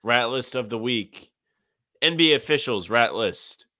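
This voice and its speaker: A man co-hosting a sports podcast in easy chat, dropping dry, sarcastic jabs. His voice is bright and forceful. The sound is dry and close, with no room around it. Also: medium pitch, animated, a little slow, no room sound. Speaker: podcast co-host. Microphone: remote call, muted at times.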